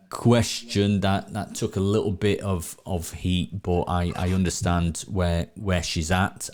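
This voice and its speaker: Brief: man, low voice, easygoing host who stumbles and restarts often. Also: a little mellow. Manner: chatty, repeats words, frequent restarts. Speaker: podcast host. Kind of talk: casual live-stream chat. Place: at home.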